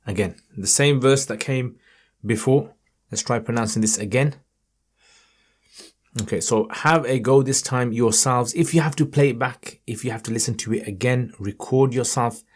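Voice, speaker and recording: A man teaching Quran reading in an online lesson, patiently encouraging and modelling each verse in a slow, melodic recitation tone. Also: medium pitch, slightly rough. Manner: chants verses in a raised melodic tone.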